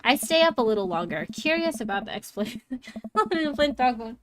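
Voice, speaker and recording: A woman's voice: fairly high pitch, big pitch swings, brisk, faint music behind. A young woman streaming a dating game, reading its text aloud and chatting casually, giggling often and using one voice for every character.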